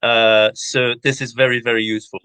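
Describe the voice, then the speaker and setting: Relaxed man with a French accent. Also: medium pitch, fairly quick, smooth, dry recording. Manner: relaxed, hesitant, repeats words. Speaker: guest musician and French tutor. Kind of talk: casual guest chat. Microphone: video call.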